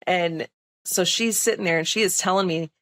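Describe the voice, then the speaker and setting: Low, gravelly-voiced young woman. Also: normal speed, fairly bright tone, no room sound. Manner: chatty, full of "like" and "um", emphatic retelling. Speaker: nurse, podcast guest. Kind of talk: casual interview storytelling.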